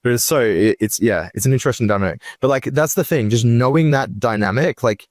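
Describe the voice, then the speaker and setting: Fast-talking, rambling man co-host. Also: medium pitch, dry recording. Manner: rambling, restarts, heavy "like" and "it's like". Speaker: podcast co-host. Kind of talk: casual podcast chat.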